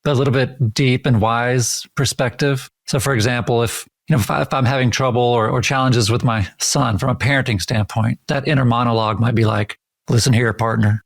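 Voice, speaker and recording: A man with a mid-pitched voice co-hosts a podcast, playful and joking in casual talk. He often restarts his sentences as he goes. The sound is dry and close. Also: fairly even intonation, brisk, hardly any pauses, no echo. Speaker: podcast co-host. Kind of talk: casual chat.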